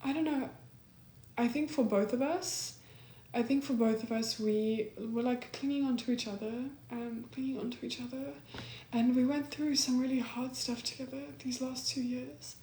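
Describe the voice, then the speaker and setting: A woman's voice: a little high, fairly even intonation, moderate pace, a little hiss or hum. Earnest young woman in an echoey room. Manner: soft, earnest, heavy use of like and um. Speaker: host giving breakup advice. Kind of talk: casual reflective chat.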